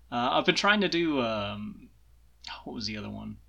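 A man's voice: mid-range voice, lively intonation, takes it slowly, gravelly, sharp tone. A man with a Southern US accent, chatting as a guest in a casual interview, self-deprecating and laughing often.

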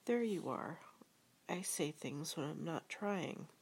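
A woman voicing a simple-minded, gentle male toy bear who muses in an earnest, puzzled way. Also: low voice, expressive, slow pace, vocal fry, breathy edge, heavily acted.

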